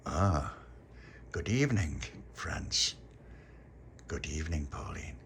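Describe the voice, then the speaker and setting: A man voicing a slow, sinister male vampire in a children's story. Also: very deep voice, sing-song, gravelly, fairly bright tone, slight background noise, voice pushed down, heavily acted.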